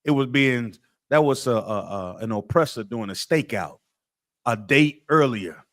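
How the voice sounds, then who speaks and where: A man's voice: medium pitch, animated, measured pace. Guy teaching a scripture class, keeps firing questions at the room, repeats stuff to hammer it in. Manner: preachy call-and-response questioning.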